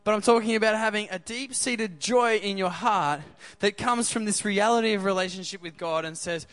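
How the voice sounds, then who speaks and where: Upbeat high-voiced preacher. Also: male voice, moderate pace, fairly bright tone, no echo. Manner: upbeat, keeps asking the crowd questions. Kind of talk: sermon.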